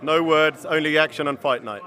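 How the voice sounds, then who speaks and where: A man's voice: a little high, normal speed, pushed and bright. A man from a fighter's camp, hyping him up in a confident way.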